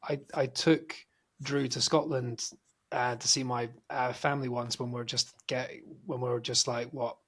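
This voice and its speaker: A man's voice: mid-range voice, little pitch movement, moderate pace, fairly bright tone. A man in his thirties hosting a podcast, chatting through anecdotes over a video call. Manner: chatty anecdotes with filler words. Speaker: podcast host. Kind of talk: casual chat.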